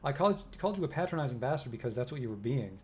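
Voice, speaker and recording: A man's voice: medium pitch, sing-song, racing, darkish tone, close to an everyday voice. A man reading aloud the lines of a hostile, brash young female hacker. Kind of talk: reading game dialogue aloud.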